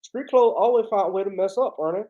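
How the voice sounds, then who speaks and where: A man's voice: high voice, narrow, tinny audio, voice pushed up, close to an everyday voice. A man doing an impression of a blunt, rambling male basketball commentator. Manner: blunt, rambling, quick bursts.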